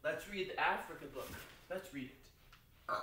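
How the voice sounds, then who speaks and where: A man's voice: on the high side, slow pace, bright, forceful tone, heavy reverb, far from the mic, a little hiss or hum. A man playing a silly mock teacher, rambling through books aloud with a lot of laughter. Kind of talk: playful mock classroom reading.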